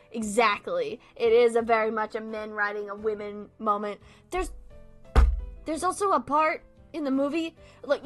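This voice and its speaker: A woman's voice: high-pitched, pushed and bright. Exasperated young woman ranting about a film. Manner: exasperated, swears often, laughs while ranting. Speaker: video creator. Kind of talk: casual chat, movie rant.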